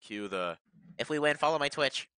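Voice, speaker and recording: A man's voice: a little high, lively intonation, normal speed, sharp tone, clean tone, dry recording. A man chatting casually while playing an online shooter, joking and laughing often. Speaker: gamer. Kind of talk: casual gaming chat.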